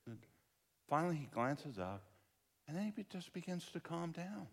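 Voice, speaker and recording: A middle-aged man preaching a sermon as pastor, telling a story with lively acted-out quotes and dropping low for asides. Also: moderate pace, slightly rough. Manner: animated storyteller, acts out quotes, drops to a near-murmur for asides.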